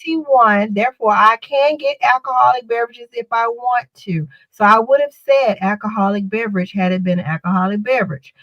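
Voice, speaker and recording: A podcast co-host tells a story in casual chat, rambling loosely, repeating words and restarting. Her voice is on the high side and a bit bright, fairly quick with hardly any pauses. The audio is dull.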